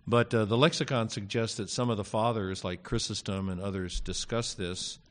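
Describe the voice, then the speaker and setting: A man teaching a Greek grammar class in a casual lecture, pausing often with fillers and dropping wry asides. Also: on the low side, steady tone.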